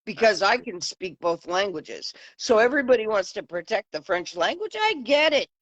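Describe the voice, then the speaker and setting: Lively, blunt Canadian woman. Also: medium pitch, moderate pace, no echo, highs cut off. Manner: blunt, animated storyteller who swears and laughs. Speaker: host. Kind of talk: casual chat.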